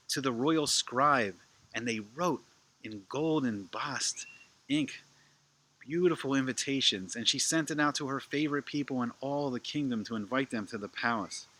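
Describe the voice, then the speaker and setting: A man narrating a children's story with animated, playful asides to his listeners. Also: medium pitch, unhurried.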